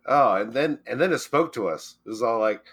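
A man co-hosting a comedy podcast, telling crude, absurd stories in a deadpan way. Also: medium pitch, fairly quick, slightly rough. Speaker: podcast co-host. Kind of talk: comedic storytelling chat.

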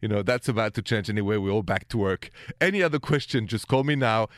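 A middle-aged man with a French accent hosting a call-in advice show, chatty and quick to laugh. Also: fairly low pitch, no echo, clean studio sound. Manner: lively, laughs often, chatty storytelling. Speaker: radio advice show host. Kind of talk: call-in radio talk.

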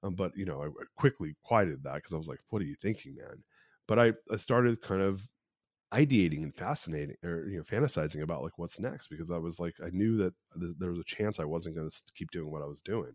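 A man's voice: deep voice, expressive, fast, a little mellow, no room sound, clean studio sound. A man in his forties hosting a podcast alone, telling a personal story in a candid, rambling way, with frequent restarts. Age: 40s. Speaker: podcast host.

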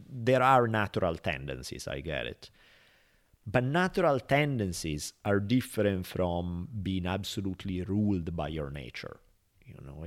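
A man hosting a podcast, talking casually and acting out quoted speech as he tells a story. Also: low-pitched. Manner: animated, acts out quotes and voices in a story. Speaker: podcast host.

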